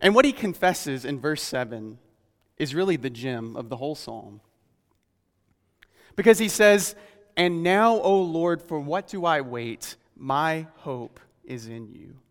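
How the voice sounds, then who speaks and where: Male preacher, fairly high voice, earnest and questioning, slows for scripture, long hall reverb. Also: animated. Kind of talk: sermon.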